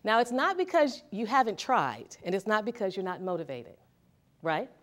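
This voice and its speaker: A woman's voice: mid-range voice, very animated, moderate pace. A woman therapist giving a motivational talk to a seminar audience, talking conversationally and often checking in with the audience. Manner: conversational, asks the audience questions. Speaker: therapist and speaker.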